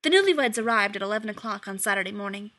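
A woman reading a story aloud in a lively, expressive way. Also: mid-range voice, very fast. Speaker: reader.

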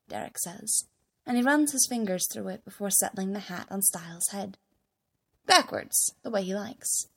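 A woman reading fan fiction aloud, narrating with wry, expressive emphasis. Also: medium pitch, normal speed, gravelly, slightly rough.

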